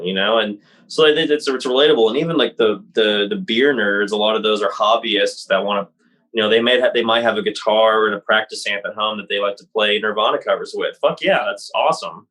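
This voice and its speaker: A man's voice: on the low side, a little fast, a bit bright. A man in casual podcast chat, laid-back and swearing freely.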